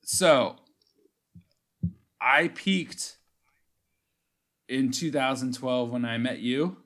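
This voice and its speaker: A man's voice: medium pitch, extremely slow, fairly bright tone. A man with an ordinary mid-range voice, chatting casually on a podcast. He teases his co-host with a dry humor and laughs easily. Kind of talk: casual chat.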